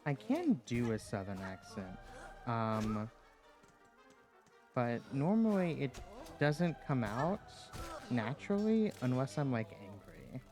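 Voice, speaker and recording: A man's voice: medium pitch, very animated, slow pace, over music. A man from the Appalachian United States chatting casually while streaming a game, rambling and hesitant, with lots of fillers and small laughs.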